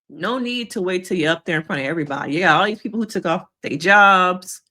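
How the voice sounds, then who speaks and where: A woman therapist giving casual reaction commentary to viewers, talking directly to them and acting out quotes in high voices. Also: fairly quick, few pauses, sharp tone. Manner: conversational, addresses viewers directly. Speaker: therapist reacting to a reality show.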